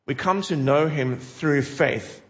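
A man preaching with earnest emphasis and a fairly high voice, pressing his listeners with direct questions. The recording is dull and lo-fi. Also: takes it slowly. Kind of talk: sermon.

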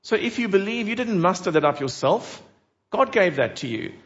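A man preaching with earnest emphasis and a fairly high voice, pressing his listeners with direct questions. The recording is dull and lo-fi. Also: sing-song, normal speed, fairly bright tone. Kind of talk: sermon.

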